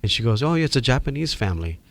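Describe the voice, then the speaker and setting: A middle-aged man, a podcast guest telling a story in casual, animated chat and acting out the people in it. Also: mid-range voice, rapid-fire, creaky. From Hawaii. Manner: animated, acts out quoted voices.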